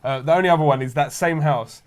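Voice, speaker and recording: A man's voice: fairly high pitch, fast talker. A young man telling rowdy anecdotes in casual chat, swearing freely and laughing as he goes. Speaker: show regular.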